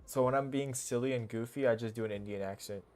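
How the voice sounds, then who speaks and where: A young man streaming a game, talking casually in a goofy, excitable, rambling way full of slang. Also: mid-range voice, fast talker, slight background noise. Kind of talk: casual live-stream commentary.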